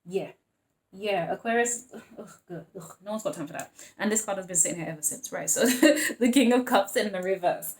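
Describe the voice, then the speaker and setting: A woman's voice: mid-range voice, fairly quick. A woman giving a casual tarot reading, chatting freely, laughing often and acting out the voices of the people she describes. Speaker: tarot reader.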